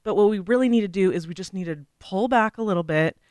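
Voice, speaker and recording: Male co-host, high, smooth voice, earnest and wry, dry sound. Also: fast, a little mellow, dry recording. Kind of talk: casual Christian podcast discussion.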